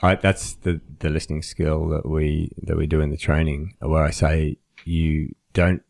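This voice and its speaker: Man, very low voice, casual podcast co-host, chatty storyteller, laughs a lot. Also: flat delivery, unhurried, gravelly, darkish tone. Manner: explains with stories, laughs often, mimics sounds. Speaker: podcast co-host, listening trainer.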